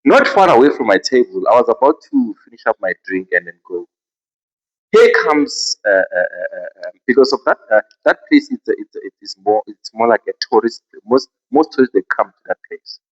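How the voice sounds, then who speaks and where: A man with a South African accent, hosting a podcast and telling a story in a casual, expressive way. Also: mid-range voice, brisk, dull audio. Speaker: podcast host.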